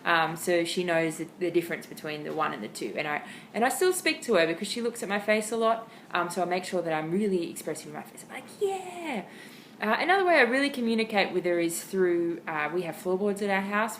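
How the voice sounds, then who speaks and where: A woman with an Australian accent casually sharing dog training tips at home, chatty and expressive with lots of ums. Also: lowish voice, fast, few pauses, a little hiss or hum, low-quality recording. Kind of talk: casual how-to talk to camera. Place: home, indoors.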